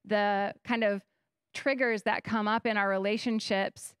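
A young guest pastor speaks at a medium pitch with fairly even intonation, taking her time in a smooth, fairly bright voice. She is giving a conversational sermon on a church stage, animatedly telling stories and acting out her thoughts. No room sound is audible in the studio-quality audio.

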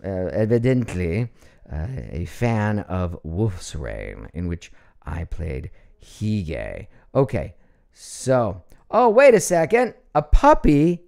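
Middle-aged male stream host, lively pitch, chatty, laughs a lot, reads comments. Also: slow, vocal fry. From Ohio, USA. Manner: chatty and animated, laughs often, reads viewer comments aloud. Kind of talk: casual live stream chat. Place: home.

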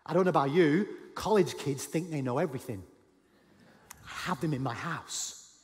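Animated pastor preaching in a big hall. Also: male voice, on the high side, moderate pace. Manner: animated, acts out Bible dialogue with sudden shouts. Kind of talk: sermon. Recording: long hall reverb.

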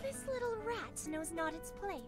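A woman's voice: very high voice, lively intonation, moderate pace, faint music behind. A woman voicing a haughty, spoiled young noblewoman who speaks in a commanding, archaic formal way in a visual novel. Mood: imperious.

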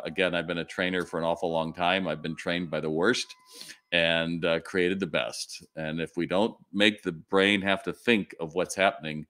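Blunt deep-voiced man giving retail advice. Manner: blunt, animated storytelling. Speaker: retail consultant hosting live Q&A. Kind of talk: live-stream Q&A advice.

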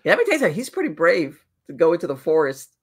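A podcast host chatting eagerly with a guest, adding quick interjections. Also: medium pitch, wildly swooping pitch, husky. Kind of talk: casual interview chat.

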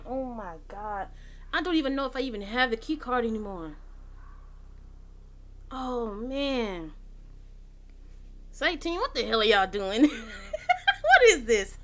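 A woman hosts a horror-game let's play, swearing and panicking as she talks. Her voice is high and swings widely in pitch. Her tone is bright. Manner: panicky, swearing, shrieking when chased. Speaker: gaming channel host.

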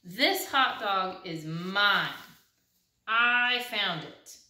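A woman's voice: medium pitch, drawn-out words, pushed and bright, heavily acted. A woman voicing a greedy, short-tempered male pigeon who talks in a possessive, exasperated way. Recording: roomy, recorded from a distance.

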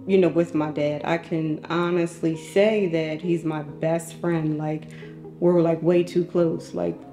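A woman's voice: deep voice, mellow, reverberant. A woman in her thirties giving a casual, earnest documentary interview, often saying "like". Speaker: interviewee, youngest daughter.

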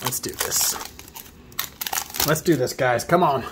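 Dude opening card packs, talks slow and easy, yelps up high when he hits a good one. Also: background noise. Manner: excitable, bursts into high exclamations over good cards. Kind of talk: casual pack-opening commentary.

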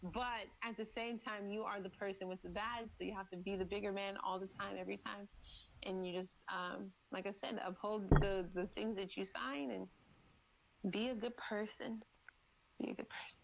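A woman's voice: mid-range voice, steady tone, moderate pace, creaky, slight background noise, low-quality recording. A woman guest in a casual interview, talking bluntly and with profanity, acting out quoted exchanges as she tells a story. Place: lives in Miami.

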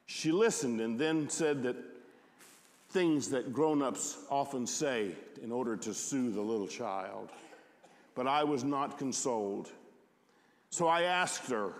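A man telling a first-person story aloud at a concert, in a slow, reflective way. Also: medium pitch. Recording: echoey hall.

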